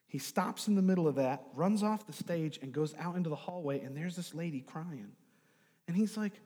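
A man preaching a sermon, telling a story and moving between quiet, hushed asides and loud, emphatic bursts. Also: on the high side, animated, moderate pace, slightly rough. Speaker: pastor. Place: church sanctuary. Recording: long reverb of a large hall.

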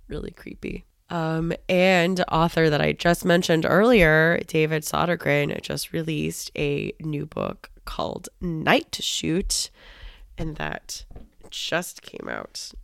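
A woman's voice: sits low, creaky, clear, resonant tone, no room sound, studio quality. A woman co-hosting a podcast, talking in an upbeat, chatty way with fillers and laughs. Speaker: podcast co-host. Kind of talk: casual podcast chat.

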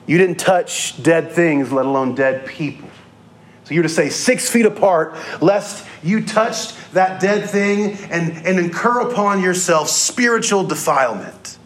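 Guy preaching, storytelling style, kinda high voice, acts out the people in the story. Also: a bit bright. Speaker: pastor. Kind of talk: sermon.

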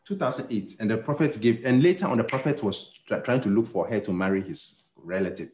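A man's voice: lowish voice, animated, brisk, few pauses, echoey room, background noise. A male pastor preaching a sermon, telling stories and acting out the dialogue, with many repeated words and restarts. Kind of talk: sermon storytelling.

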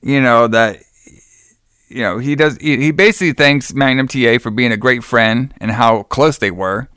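A man co-hosting a podcast, recapping a wrestling show in a rambling, excitable way with lots of fillers. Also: medium pitch, moderate pace, clear, resonant tone, dry recording, clean studio sound. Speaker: podcast co-host.

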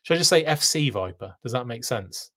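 A man's voice: medium pitch, animated, fairly quick, a bit bright. A man hosting a live stream, reading chat comments aloud in a casual, self-deprecating way with frequent laughs.

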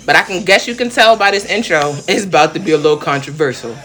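A woman's voice: low voice, lively intonation, fast talker, a bit bright. A young woman from the Bronx with a thick New York accent, hosting a casual solo podcast in a slangy, rowdy way. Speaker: podcast host.

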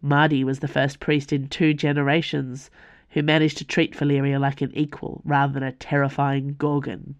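A woman, the author, reading her own fantasy novel aloud for a podcast in a measured storytelling voice. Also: a bass voice, monotone, dry recording, muffled recording. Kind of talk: audiobook fantasy narration.

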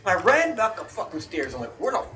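A man co-hosting a casual chat, telling a story full of swearing and shouted outbursts. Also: high-pitched, quick pace, far from the mic, very noisy. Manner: profane, animated storyteller, shouts quoted outbursts. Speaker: podcast co-host.

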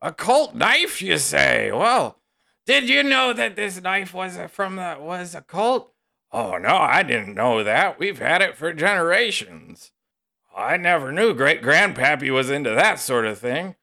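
A man's voice: on the high side, very animated, unhurried, gravelly, pushed and bright, voice pushed up, heavily acted. A man voicing a nervous, folksy old male villager who stammers through cheerful excuses. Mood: nervously cheerful.

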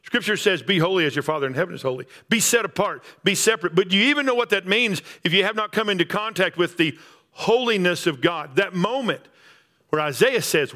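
A man's voice: high voice, expressive, a little fast, sharp tone. A man preaching a sermon, emphatic and repetitive, building up on key phrases. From Texas Panhandle. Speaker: pastor.

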